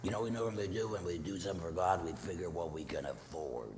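A middle-aged man preaching a sermon as pastor, telling a family story with acted quotes, swinging from loud to hushed. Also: low-pitched, quick pace, hardly any pauses. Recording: long reverb, faint noise.

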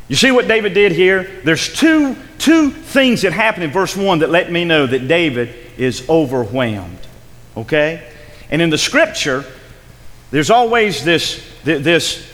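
High, lively preacher in a reverberant hall. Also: male voice. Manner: emphatic, repeats words, acts out scripture. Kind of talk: sermon.

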